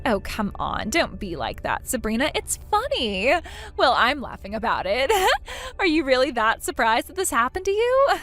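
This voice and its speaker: A woman's voice: sits high, wildly swooping pitch, normal speed, fairly bright tone, faint music behind, exaggerated voice. A woman voicing a petty, spiteful young sister-in-law in a texting story, mocking and then whiny. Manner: mocking, pleading by turns.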